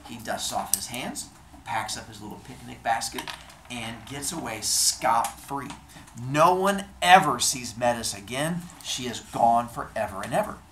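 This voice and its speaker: A man's voice: medium pitch, animated, measured pace, a bit bright. Guy retelling myths all playful and chatty, voice bounces around a lot, echoey room with light hiss. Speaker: storyteller. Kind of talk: casual comedic storytelling of myths.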